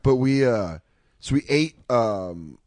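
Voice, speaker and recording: A man's voice: medium pitch, expressive, takes it slowly, darkish tone, no echo, clean studio sound. A young man co-hosting a comedy podcast, telling a crude, rambling story and acting out the quotes. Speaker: podcast co-host.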